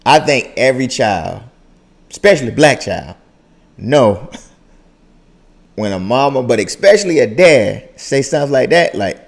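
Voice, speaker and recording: Young male reaction host, gravelly tone, lively swinging delivery, repeats himself for emphasis. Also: mid-range voice, slow. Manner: animated, repeats phrases for emphasis. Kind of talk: casual reaction commentary.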